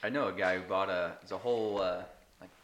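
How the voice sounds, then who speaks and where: A man's voice: low-pitched, steady tone, a little fast, a bit bright, slight background noise. A man in casual chat, making dry remarks.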